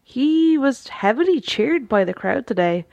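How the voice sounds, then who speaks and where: A woman's voice: on the high side, very animated, a little slow, creaky, darkish tone, dry recording, highs cut off. A woman co-hosting a podcast, chatting casually about a wrestling show, laughing often and rambling through restarts. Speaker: podcast co-host.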